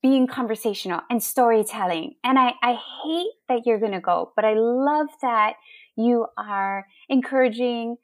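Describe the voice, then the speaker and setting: A woman guest on a podcast talking in an earnest, encouraging way, sometimes pausing to search for words. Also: a little high, no echo, clean studio sound. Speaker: interview guest. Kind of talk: casual interview chat.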